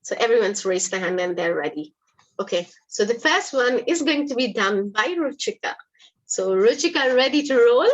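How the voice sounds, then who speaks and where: A woman's voice: fairly high pitch, expressive, normal speed, highs cut off. Encouraging woman teacher. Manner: encouraging, patient classroom explaining. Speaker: English teacher. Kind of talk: live online English lesson.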